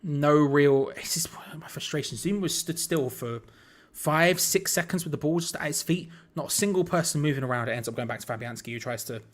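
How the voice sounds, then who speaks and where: A young man commentating a match live for an online audience, talking casually. His voice sits a little high, and he chats to viewers between bits of play, with the odd frustrated aside. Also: brisk. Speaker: watch-along host.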